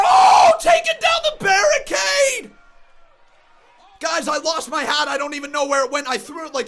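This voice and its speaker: Frantic shouting man reacting live. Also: extremely high pitch. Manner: excitable, shouting, frantic exclamations. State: shaking with excitement. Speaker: wrestling reaction streamer.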